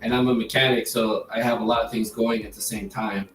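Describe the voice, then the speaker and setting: A man talking in an earnest, halting way, stumbling over the first words of his sentences. He sits well back from the mic in an echoey room, with soft music playing underneath. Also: on the low side, level tone. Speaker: guest, group member. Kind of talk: casual chat. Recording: roomy sound from far off the mic.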